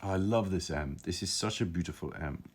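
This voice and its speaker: A man's voice: sits low, normal speed, husky. A man teaching calligraphy on a live stream, musing aloud with enthusiasm, often restarting his sentences. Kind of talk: live-streamed lesson, casual commentary.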